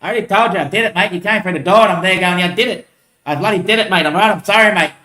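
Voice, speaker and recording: A man's voice: high voice, rapid-fire, bright, forceful tone, voice pushed up. A man voicing a guilty, pleading male pet dog who protests in a matey way. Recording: roomy echo.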